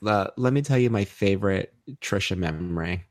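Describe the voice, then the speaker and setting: A man's voice: low-pitched, normal speed, dry recording, clean studio sound. A man with a Jamaican accent co-hosting a podcast, telling jokes and stories in a casual chat. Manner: joking, animated storyteller. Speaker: podcast co-host.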